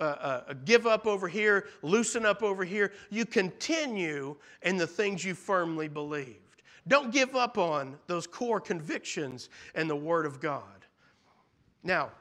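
High, bright-voiced preacher. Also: male voice. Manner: earnest, with frequent restarts and repeated phrases. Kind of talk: sermon.

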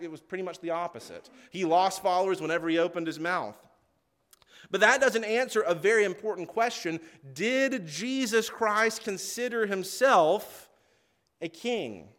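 A man preaches with earnest emphasis, slowing down to stress key words and reading scripture aloud. His voice sits high and sounds a bit bright.

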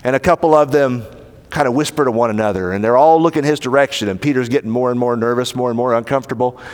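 A man's voice: medium pitch, fast. A man with a Southern American accent preaching a sermon, retelling the story dramatically and acting out the quoted lines. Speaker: pastor. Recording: hall reverb.

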